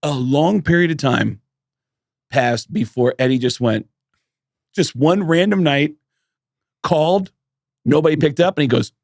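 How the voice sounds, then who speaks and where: A man co-hosting a podcast, telling animated stories with plenty of swearing and acted-out quotes. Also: on the high side, measured pace, vocal fry, pauses often, no room sound, clean studio sound. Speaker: podcast co-host. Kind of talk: casual storytelling chat.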